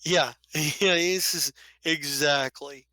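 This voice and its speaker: A man's voice: fairly high pitch, steady tone, takes it slowly, pushed and bright, dry recording. A man acting as game master, narrating a tabletop game in a loose, rambling, descriptive way.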